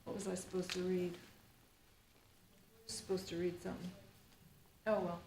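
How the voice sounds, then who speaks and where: A middle-aged woman teaches the Alexander Technique at a live workshop, speaking in a fairly low monotone at normal speed. She rambles playfully and chattily, full of fillers like "you know" and "like". The room adds echo and faint ambient noise.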